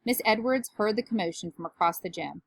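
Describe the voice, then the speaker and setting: A woman's voice: mid-range voice, fairly quick, vocal fry, breathy edge, no room sound. Woman reading a children's book aloud. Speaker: parent reader.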